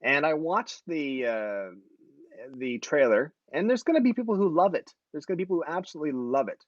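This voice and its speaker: A man's voice: a little high, expressive, a little fast, no echo, highs cut off. A man in his forties hosting a casual live-stream chat, rambling and joking, often correcting himself mid-sentence. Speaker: host.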